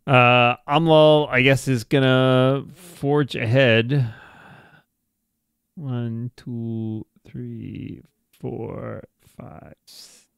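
A man's voice: mid-range voice, fairly even intonation, very slow, creaky, clean tone, no room sound, clean studio sound. Chuckling man counting his moves. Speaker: player. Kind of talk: tabletop game chat.

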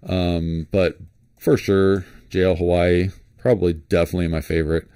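A deep-voiced man from Florida talks casually as he browses, his tone mellow and unhurried. He rambles and restarts, filling gaps with little hums. The sound is dry and close, with no room around it. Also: dry recording. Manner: rambling, relaxed, thinks aloud with many fillers and restarts. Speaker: flashlight vlogger. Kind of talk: casual screen-share commentary.

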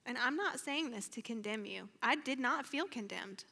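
A woman's voice: on the high side, animated, moderate pace, creaky, pushed and bright, big-room sound. A woman sharing a personal testimony in a sermon at church, earnest and emotional, sometimes sinking to a near-whisper. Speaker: church speaker. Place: church sanctuary.

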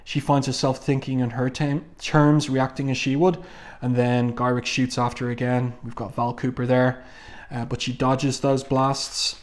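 A man's voice: medium pitch, level tone, moderate pace. A man casually reviewing a comic book and reading panels aloud, musing with frequent ums and restarts.

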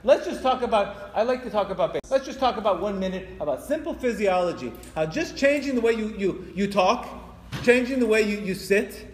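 A man giving a spiritual lecture to an audience. He talks in an animated way, stumbles through restarts and acts out quoted voices. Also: high voice, a little fast. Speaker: religious teacher. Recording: echoey hall with long reverb.

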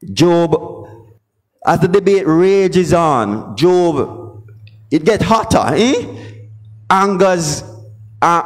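A man preaching a sermon, often calling out for responses from the congregation. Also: on the high side. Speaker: pastor.

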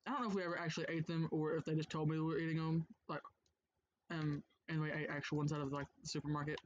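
A woman's voice: deep voice, level tone, fast. A young woman from Kentucky with a Kentucky accent, co-hosting a let's play in casual chat, rambling and swearing as she plays. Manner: rambling, swears freely, yelps at the game. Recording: dull lo-fi sound with background noise.

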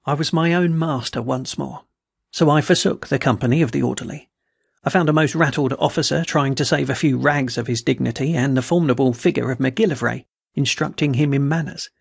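A man hosting a podcast, reading adventure and dark stories aloud in a measured, steady way. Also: medium pitch, vocal fry, slightly rough, dry recording, clean studio sound. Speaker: podcast story reader.

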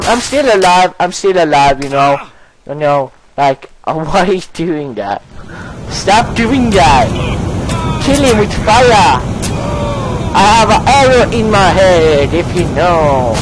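Young male let's player, goofy and excitable; pitch leaps all over, unhurried talk. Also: background noise. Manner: goofy and excitable, breaks into silly singing and swearing. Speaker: gameplay commentator. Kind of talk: casual let's play commentary.

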